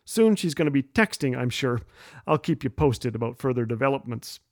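A middle-aged man hosting a humor radio show, telling stories with wry, gentle jokes and chuckling at his own lines. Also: mid-range voice, expressive, normal speed, no echo, clean studio sound.

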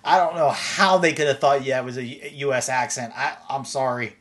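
A man's voice: medium pitch, a little fast, fairly bright tone. An American man hosting a casual interview, easygoing, laughing often and reading out viewer questions. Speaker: host.

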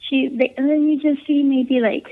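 A woman's voice: high-pitched, flat delivery, moderate pace. Woman telling a story over a tinny line. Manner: rambling, full of "um", "like" and "you know". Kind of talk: casual personal storytelling.

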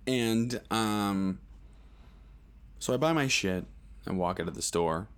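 A man's voice: lowish voice, slow, clean tone. A man hosting a podcast, telling a rambling, profane story in a casual monologue, full of fillers and acted-out quotes. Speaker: podcast host.

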